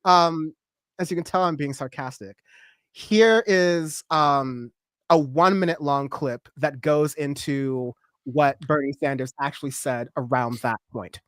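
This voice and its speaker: A man's voice: mid-range voice, a little slow, no room sound, clean studio sound. A man hosting a political livestream, rambling with lots of fillers and sarcastic asides. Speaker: political commentary host. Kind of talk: livestream commentary.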